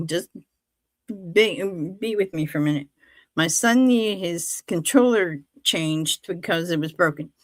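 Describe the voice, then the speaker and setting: A woman hosting a casual faith chat on a livestream, telling animated stories, acting out what others said and laughing often. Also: medium pitch, no echo. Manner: animated storytelling, acts out quoted voices, laughs often. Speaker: livestream host.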